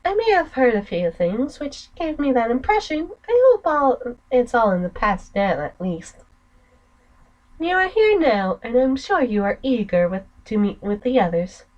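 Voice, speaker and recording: A courteous young maid from a murder-mystery game, speaking up high and sweet with a lively, rising lilt. An American woman puts her on while reading the game aloud. Her tone stays prim and attentive. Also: measured pace, muffled recording. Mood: polite.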